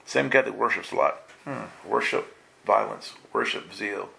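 A man preaching a lively live sermon, playful and quizzing his congregation. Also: lowish voice, moderate pace, gravelly, slight background noise. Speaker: pastor.

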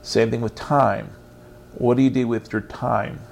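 A man's voice: mid-range voice, steady tone, measured pace, gravelly, slight background noise. A man giving an informal online faith lesson in an earnest, meandering, encouraging way. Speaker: Christian teacher.

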